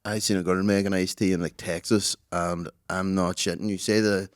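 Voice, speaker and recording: Young lad, lowish voice, dry close sound, teasing banter. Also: male voice, flat delivery, moderate pace, dry recording. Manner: dry teasing, recounting stories. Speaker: podcast co-host. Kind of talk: casual chat.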